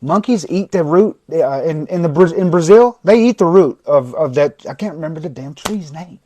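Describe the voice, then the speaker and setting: A man streaming live as a recovery coach, talking bluntly to his viewers and swearing often, with sudden shouting and long stretches of quieter, softer talk. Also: on the high side, lively intonation, normal speed, no room sound. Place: indoors, livestream. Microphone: phone or webcam mic.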